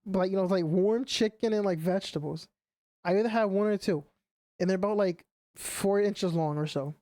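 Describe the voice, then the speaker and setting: High and a little fast, this man's warm voice comes through with studio quality and no room sound. He's a young gamer streaming his play, chatting loosely and rambling, his speech packed with "like" and "you know."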